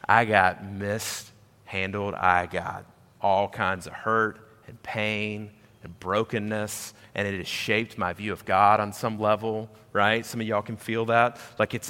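In a big, reverberant hall, a male pastor delivers a sermon with a bright, forceful voice. He builds to loud, high emphasis, then sinks low and quiet, repeating phrases to drive them home.

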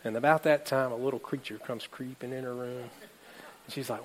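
A man's voice: medium pitch, fairly quick. A male pastor preaching a sermon, telling a story and acting out the characters' lines while speaking to his congregation. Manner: animated, acts out characters' lines, addresses congregation.

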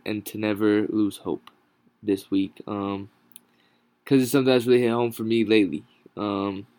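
Tired, halting man hosting a podcast. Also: on the low side, darkish tone, no room sound. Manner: halting, many ums and restarts, tired and yawning. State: exhausted, sleep-deprived. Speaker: podcast host. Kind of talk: casual solo podcast talk. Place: at home. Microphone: no proper microphone, home recording.

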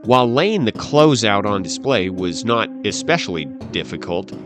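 A man telling a dark history story as scripted narration, with a dramatic, expressive delivery. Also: fairly low pitch, normal speed. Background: faint background music.

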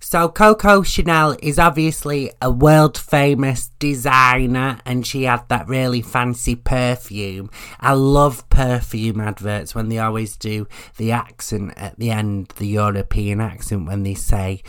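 A man's voice: medium pitch, fairly even intonation, measured pace, fairly bright tone, smooth. A man hosts a podcast on his own, chatting casually. He jokes and swears his way through the talk in a mid-range voice. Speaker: podcast host. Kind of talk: casual solo podcast chat.

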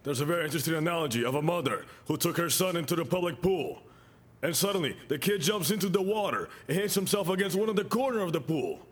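A bishop preaching a sermon in an animated style, telling stories and swelling to shouts. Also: male voice, on the high side, fast, a little hiss or hum. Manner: storytelling with acted quotes.

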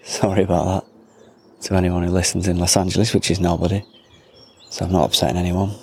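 A man's voice: low-pitched, flat delivery, a little fast, vocal fry, dark tone, a little hiss or hum. A man hosting a podcast, chatting casually while he walks around an allotment, with rambling, self-deprecating asides. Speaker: podcast host. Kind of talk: casual outdoor monologue. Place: outdoors at an allotment.

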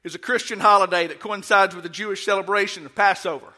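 Preacher doing an eager young fan guy in a joke, bright high voice, sure of himself. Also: steady tone, quick pace. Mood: confident.

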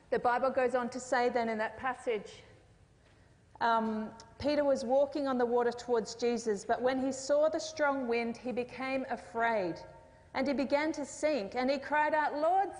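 A woman preaching a sermon, telling a story in a conversational way with jokes and asides. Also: high voice. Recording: long reverb of a hall.

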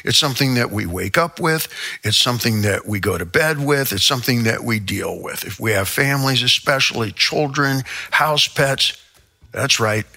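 This older Midwestern man hosts a show and launches into a rambling, theatrical comic rant full of sudden asides. His medium-pitched voice moves at a moderate pace and sounds creaky, pushed, and bright.

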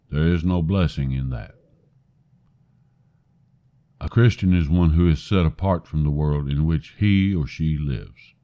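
Deep-voiced man preaching earnestly. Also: lo-fi sound. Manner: earnest, questioning the listener directly. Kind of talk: recorded sermon monologue.

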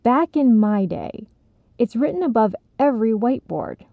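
A woman's voice: a little high, very animated, vocal fry, no echo, heavily acted. A woman voicing an impatient, demanding young man in a storybook reading. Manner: brisk, frustrated. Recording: slightly dull, dry recording.

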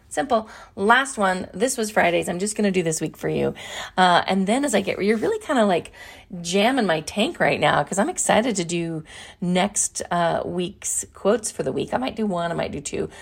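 A middle-aged woman hosting a motivational talk show, energetic and playful, repeating phrases for emphasis. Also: medium pitch, vocal fry. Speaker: podcast host.

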